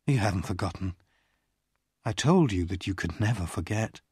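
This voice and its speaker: Reader doing a teasing thirty-ish woman in a storybook, breathy, pitch swings a lot. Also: wildly swooping pitch, a little slow, darkish tone, no room sound, clean studio sound.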